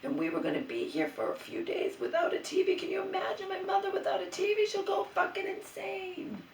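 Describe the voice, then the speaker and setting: A woman pours out a rambling, exasperated vent to her camera, stopping and restarting as she goes. Her mid-pitched voice carries a gravelly edge. It bounces around a bare, empty room, and she sits some distance from the mic. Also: big pitch swings, a little fast, a little hiss or hum. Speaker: vlogger. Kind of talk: emotional monologue to camera. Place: empty new bedroom, indoors. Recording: roomy echo, voice away from the mic.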